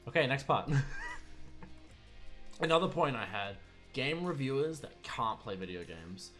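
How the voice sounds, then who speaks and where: A man's voice: medium pitch, lively intonation, slow, pushed and bright, soft background music. Young man ranting sarcastically. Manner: sarcastic, exasperated, chuckling asides. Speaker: streamer and video maker. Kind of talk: casual ranting vlog.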